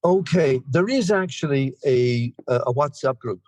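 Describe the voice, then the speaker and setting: A man's voice: medium pitch, expressive, unhurried, darkish tone, no room sound. A man in his sixties from Ireland with an Irish accent, sharing at a recovery meeting in a rambling, chatty way with self-deprecating humor, over a video call. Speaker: guest speaker.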